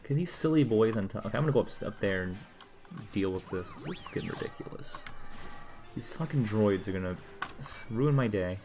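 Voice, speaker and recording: A man's voice: on the low side, expressive, a little fast, a little mellow, soft background music. A young man streaming a video game, muttering casual, profane, sarcastic commentary as he plays.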